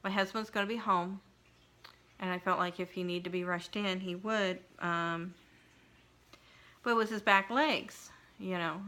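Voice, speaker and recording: A middle-aged woman vlogger telling a personal story in an emotional, halting way, with frequent restarts and pauses. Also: mid-range voice, fairly even intonation, pushed and bright. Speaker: craft vlogger.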